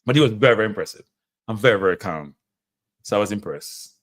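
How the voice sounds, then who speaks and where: A man with a Jamaican accent hosts a live stream about football, talking fast in a voice on the low side. He's excitable and emotive, laughing a lot.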